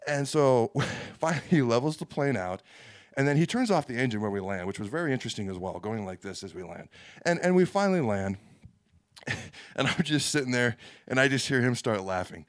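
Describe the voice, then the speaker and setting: A man's voice: mid-range voice, animated, brisk, dry recording, studio quality. A young man, a football player, co-hosting a casual sports podcast and telling a long story with self-mocking asides. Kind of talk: casual sports talk chat.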